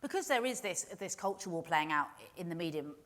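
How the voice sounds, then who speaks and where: A woman's voice: fairly low pitch, animated, fairly quick, fairly bright tone. A woman moderating a festival panel, asking probing questions with repeated starts. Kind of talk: panel discussion. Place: festival panel on a stage in a large hall. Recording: long hall reverb.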